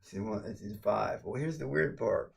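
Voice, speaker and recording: Gravelly, profane man streaming late. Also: normal speed. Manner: rambling and profane, swinging from low mumbles to loud excited shouts. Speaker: livestreamer. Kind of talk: late-night casual stream chat.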